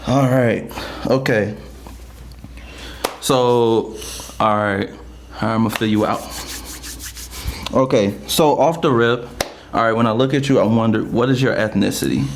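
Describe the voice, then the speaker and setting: A man's voice: mid-range voice, measured pace, long pauses, slight background noise. A man hosts a casual podcast interview. He stalls and circles with frequent fillers before landing on his questions, which keeps his delivery loose and easygoing. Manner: hesitant, full of fillers like okay and all right. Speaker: podcast host.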